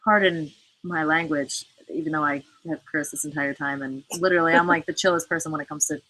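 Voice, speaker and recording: Woman host, live chat, bright and cutting voice on the low side, rambling with fillers and casual swearing. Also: steady tone, brisk, low-quality recording. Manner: chatty, fillers, frequent cursing; reads and answers viewer comments. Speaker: livestream host.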